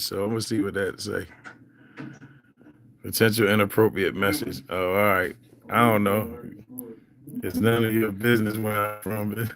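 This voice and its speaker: A man's voice: lowish voice, flat delivery, fairly quick, fairly bright tone. A young man from Philadelphia with a Philly accent, rambling casually and talking straight to viewers on his livestream. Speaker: livestream host.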